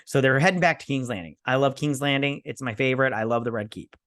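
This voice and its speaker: A man's voice: medium pitch, fast, fairly bright tone, dry recording, studio quality. A man hosting a review show, recapping an episode in a loose, slangy way and voicing the characters' lines in passing. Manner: retells scenes by casually voicing characters' lines; loose and slangy, with many fillers.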